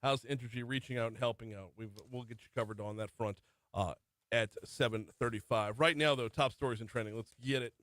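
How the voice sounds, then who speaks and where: A man's voice: medium pitch, fairly even intonation, a little fast, a bit bright, dry recording. Chatty middle-aged male radio host. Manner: chatty, conversational, with asides. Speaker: radio morning show host. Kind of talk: talk radio news rundown. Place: radio studio. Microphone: studio microphone.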